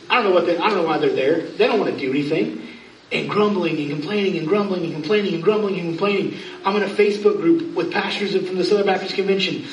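A man in his thirties preaching a sermon as pastor, talking in a conversational, emphatic way with quick asides. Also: high voice, slight background noise. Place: church sanctuary. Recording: roomy church sound, distant mic.

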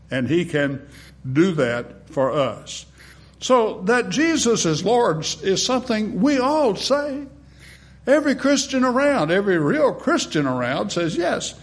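High-voiced dramatic preacher man. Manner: dramatic, swings between booming emphasis and hushed near-whispers; rhetorical, acts out congregation replies. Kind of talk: sermon with opening prayer.

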